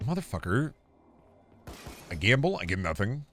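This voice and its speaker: A man from Iowa chats casually on a gaming stream in a somewhat low voice. He answers chat with offhand jokes and sometimes drops into gruff mock-dad phrasing. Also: big pitch swings, moderate pace, a bit bright, soft background music.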